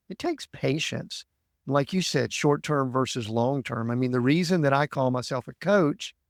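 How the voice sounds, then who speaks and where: A man hosting a podcast, asking thoughtful, measured interview questions. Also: mid-range voice, gravelly, no room sound, clean studio sound. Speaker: podcast host.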